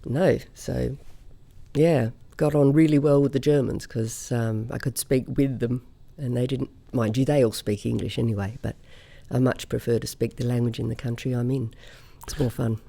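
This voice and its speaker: Gravelly, mellow-voiced woman from Australia. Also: a bass voice, steady tone, normal speed. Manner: chatty anecdotal storyteller, laughs often. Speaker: singer, interview guest. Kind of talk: conversational interview storytelling.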